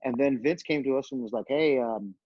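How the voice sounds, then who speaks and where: Husky, animated man telling stories. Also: medium pitch, a little fast, no room sound, dull audio. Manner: animated storyteller, acts out quoted voices, many fillers. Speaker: guest, retired pro wrestler. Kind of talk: casual storytelling interview.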